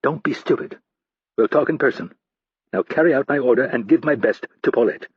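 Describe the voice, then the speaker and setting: Audiobook: a clipped, commanding older spy chief played by a male narrator, slightly raised and husky. Dry, somewhat dull lo-fi sound. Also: medium pitch, expressive, brisk, dry recording, pitched above the performer's own voice. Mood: stern.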